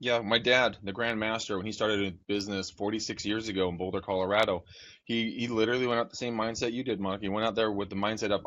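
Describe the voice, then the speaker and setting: Male podcast host, lower voice, blunt and jokey, dry dull recording. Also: fairly even intonation, fast talker, fairly bright tone, dry recording. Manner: blunt, jokey, swears casually. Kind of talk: casual podcast conversation. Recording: dry, muffled lo-fi audio.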